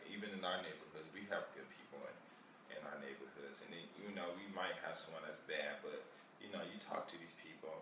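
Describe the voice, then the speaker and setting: A man talking casually in a vlog, rambling and animated, acting out chats with people he meets on the street. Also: low voice, reverberant, distant mic, a little hiss or hum. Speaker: vlogger.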